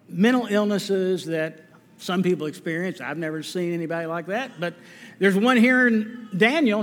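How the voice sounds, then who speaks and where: A man preaching a sermon as pastor, earnest and deliberate, driving his points home with repetition. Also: high-pitched. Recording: long reverb of a church hall.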